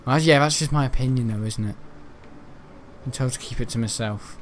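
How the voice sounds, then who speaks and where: A man casually commenting on his gameplay, going from muttered asides to sudden excited shouts and laughs. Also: fairly quick, background noise. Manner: excitable, bursts into high shouts and laughs at the game.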